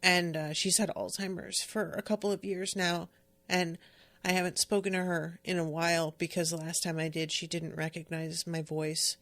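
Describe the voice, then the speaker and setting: A woman's voice: lowish voice, level tone, normal speed, fairly bright tone. A woman hosting a podcast, chatting casually about a book in a candid, emotional, rambling way, full of fillers. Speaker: podcast host. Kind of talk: casual book-discussion chat.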